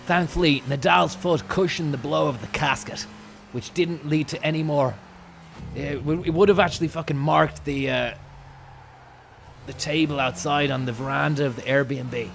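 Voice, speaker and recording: A young man, a comedian streamer, telling an absurd story in a deadpan, rambling, sweary way. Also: a little high, moderate pace, gravelly, slight background noise.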